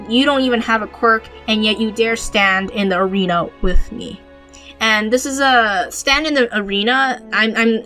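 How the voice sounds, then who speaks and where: A woman with a mid-range, fairly bright voice hosts a podcast, casually analyzing manga panels. Her talk meanders, with plenty of fillers and frequent restarts.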